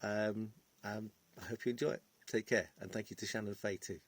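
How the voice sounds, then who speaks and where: A man's voice: on the low side, steady tone, a little fast. A man with a Liverpool accent, an audiobook narrator, talking enthusiastically about a book he recorded. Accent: Liverpool (Scouse). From England, Wirral. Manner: enthusiastic, effusive. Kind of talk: casual promotional talk.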